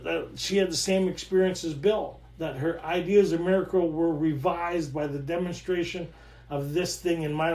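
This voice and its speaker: A middle-aged man with a high-pitched voice gives a casual storytelling talk from home. He is animated, laughs often and repeats his phrases for emphasis. The sound is echoey, as if recorded in a bare room. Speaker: recovery workshop speaker.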